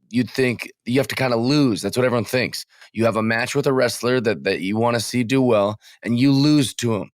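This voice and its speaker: A man's voice: medium pitch, dry recording, studio quality. A man co-hosting a casual wrestling podcast, asking questions in a curious, self-deprecating way. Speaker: podcast co-host.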